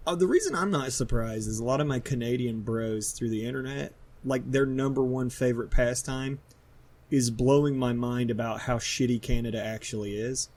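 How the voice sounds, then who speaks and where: A man's voice: mid-range voice, normal speed, a little mellow. A man with a slight Southern accent co-hosting a podcast, talking casually in profane rants and laughing often. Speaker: podcast co-host. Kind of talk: casual chat.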